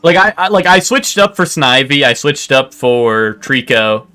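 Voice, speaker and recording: A man's voice: medium pitch, sing-song, unhurried, bright, forceful tone, clean tone, no room sound, soft background music. A man streaming a game, chatting casually with lots of fillers and restarts. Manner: rambling, hesitant, lots of fillers. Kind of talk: casual chat while gaming.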